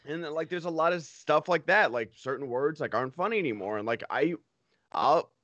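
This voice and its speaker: A man's voice: a little high, animated, moderate pace, fairly bright tone, dry recording, lo-fi sound. A man hosting a casual talk show, rambling and filling his speech with "like". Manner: rambling, heavy on "like". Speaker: podcast host. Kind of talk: casual chat.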